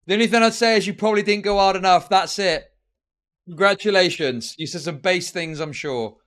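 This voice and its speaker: A man doing a live-stream reaction, loud and mocking, swearing often and mimicking people. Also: high voice, brisk.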